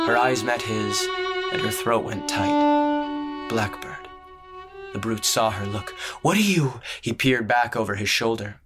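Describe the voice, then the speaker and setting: Low-voiced male audiobook narrator.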